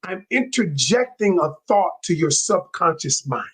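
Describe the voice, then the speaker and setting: A man talking as a relationship coach in an interview, animated and excitable, with a casual way of speaking and frequent restarts. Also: sits high, a little slow, breathy edge. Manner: colloquial, with many restarts. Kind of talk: interview guest.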